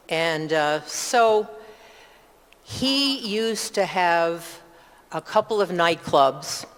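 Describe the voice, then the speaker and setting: An older woman with an upstate New York accent tells her personal testimony in church. She rambles warmly from one family story to the next, with asides and little self-corrections. Her voice carries a long, lingering echo from the church hall. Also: on the low side. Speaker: church member giving testimony.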